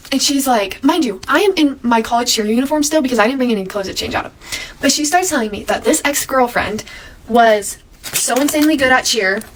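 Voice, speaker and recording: A young woman in her twenties casually retelling an awkward story, animated and chatty, acting out quoted lines. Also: on the high side, slight background noise, poor audio.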